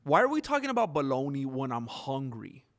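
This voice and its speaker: This livestream host is a man with a medium-pitched voice that swings widely in pitch, and he talks a little fast. His casual stream chat rambles along as he reacts to viewers' messages, peppered with plenty of ums.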